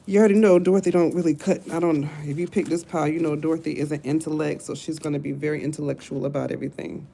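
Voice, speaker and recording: A woman's voice: deep voice, fairly even intonation, quick pace, gravelly, hardly any pauses, dark tone. A woman giving a casual live tarot reading, blunt and talkative, cussing and joking to her viewers. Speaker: tarot reader.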